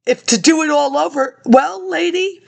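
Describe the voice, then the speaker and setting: Woman in her 50s, high voice, vlogger talking to camera, tangential and chatty. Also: normal speed, vocal fry. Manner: rambling, jumps between tangents, addresses viewers directly. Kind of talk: rambling personal monologue.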